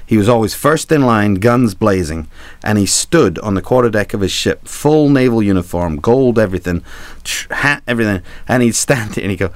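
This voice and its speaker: A man's voice: lowish voice, expressive, normal speed, no echo. A man, a sailing trip guide, telling a rambling, irreverent anecdote full of fillers and asides. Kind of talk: anecdotal storytelling.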